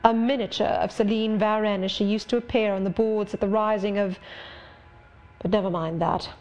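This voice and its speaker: A woman reading the part of a brooding, sardonic middle-aged gentleman in an audiobook, speaking in a measured, wry, confiding way. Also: medium pitch, fairly even intonation, lightly acted.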